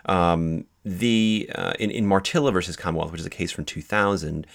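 Low, gravelly male law instructor; patient explainer with plenty of ums and restarts. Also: moderate pace. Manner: explanatory, with many fillers and restarts. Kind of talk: recorded lecture.

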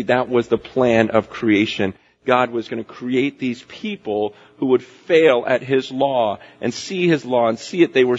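A man preaching a sermon as pastor, animated, acting out the voices of people and God in quotes. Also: high voice. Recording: dull lo-fi recording.

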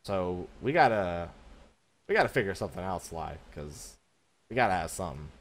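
A man's voice: low voice, expressive, normal speed. A man co-hosting a casual gaming podcast over a video call, laughing easily. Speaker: podcast co-host.

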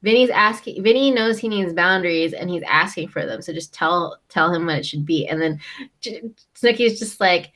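A young woman co-hosts a laid-back chat, recapping a reality show and peppering her talk with "um" and "like." Her voice sits fairly low with a bright edge, and she speaks at an ordinary speed.

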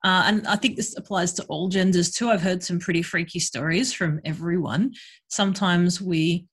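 A woman speaks frankly in a casual podcast chat. She has a husky, slightly breathy voice and a loose, chatty delivery full of fillers. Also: lowish voice, steady tone, moderate pace. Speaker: guest, sex worker and educator.

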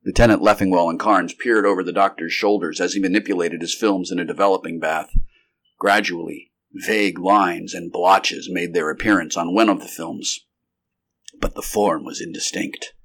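A man giving an unrehearsed, steady, measured reading of a vintage science fiction story. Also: sits low. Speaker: narrator.

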